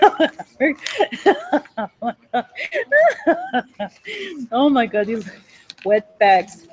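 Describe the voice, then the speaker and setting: A woman's voice: a little high, lively intonation, slow, pauses often, husky, poor audio. A woman in her forties talking in a rambling, profane monologue, often breaking into giggles. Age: 40s.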